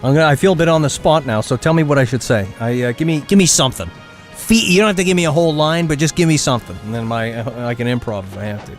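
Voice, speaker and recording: A man's voice: medium pitch, fast, soft background music. A man streaming a video game, rambling casually and chuckling as he acts out silly character lines. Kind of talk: casual gameplay commentary.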